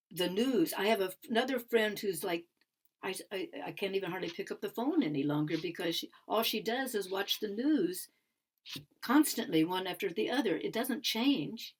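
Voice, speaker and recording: An older woman giving a musing conference talk on sound healing, repeating phrases and sometimes dropping to a whisper. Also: mid-range voice. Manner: musing, repetitive, drops into whispers.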